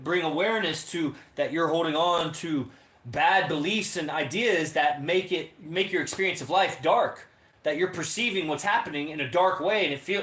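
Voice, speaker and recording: Rambling, profane, filler-heavy and loose, a man delivers a casual podcast monologue with a fairly high voice. His talk carries a noticeable roomy echo. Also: a bit bright. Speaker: podcast co-host. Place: home in Las Vegas.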